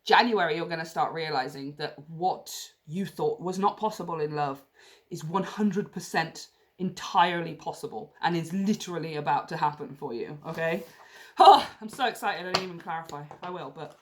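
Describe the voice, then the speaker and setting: A woman reading tarot cards to camera in a chatty, gushing way, prone to excited outbursts. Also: low-pitched, normal speed. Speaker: tarot reader.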